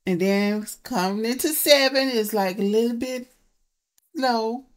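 A woman hosting a reaction video, talking casually with loud emphatic exclamations. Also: on the high side, unhurried.

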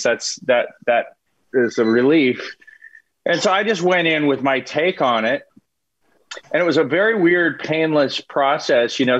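A man's voice: mid-range voice, fairly bright tone. Male actor panelist, easygoing delivery, dull lo-fi video-call audio. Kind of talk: casual panel chat.

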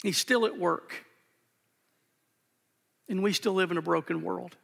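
This sermon, recorded live amid the long reverb of a church sanctuary, comes from a male pastor speaking a little slowly in a high-pitched, creaky voice with a fairly bright tone. He's earnest and emphatic, repeating phrases for weight.

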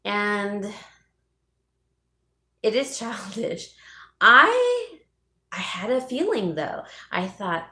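A woman's voice: medium pitch, lively intonation, takes it slowly, long pauses, sharp tone, echoey room. A woman hosting a casual live vlog from home, chatting with viewers by name and laughing often. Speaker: YouTube host.

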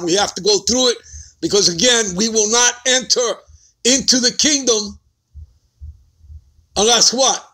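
A man's voice: sits high, unhurried, long pauses, bright, forceful tone. A man teaching scripture in a sermon, speaking emphatically and checking in with his listeners again and again. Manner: emphatic, keeps asking "all right?" and "okay?". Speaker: preacher.

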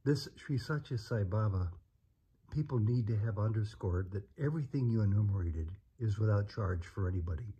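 Husky, low-voiced male interviewer. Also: expressive, moderate pace, dark tone. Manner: prompting, summarizing the guest's points. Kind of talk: conversational interview.

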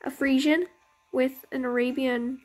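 A woman's voice: sits high, steady tone, a little slow, darkish tone. A young woman casually commenting on her game as its channel host, chatty and rambling, often correcting herself. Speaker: gaming YouTuber. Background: game music.

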